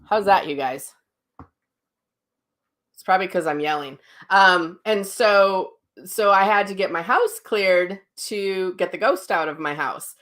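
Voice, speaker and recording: A woman with an average-pitched voice hosts a live online class as a psychic medium. She is chatty and animated, tells stories with frequent laughter and answers viewers' comments. She speaks at home into a livestream mic. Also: measured pace. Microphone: livestream mic, sound sometimes cutting out.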